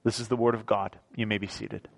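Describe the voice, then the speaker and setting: A man's voice: lowish voice, level tone, brisk, gravelly. A man preaching a sermon as pastor in a church, talking conversationally and often repeating words as he restarts his sentences. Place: church sanctuary.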